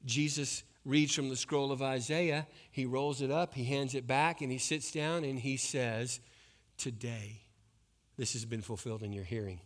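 A man preaching a sermon, swinging between hushed, intense passages and loud, rising exhortation. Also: mid-range voice, steady tone, normal speed. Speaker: pastor.

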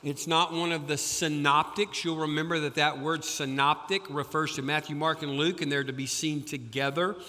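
Sore-throated pastor in a reverberant church. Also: male voice, fairly even intonation, normal speed, few pauses, sharp tone. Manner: folksy, rises in pitch and volume reading scripture. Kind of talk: sermon. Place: church sanctuary. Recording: church hall with long reverb.

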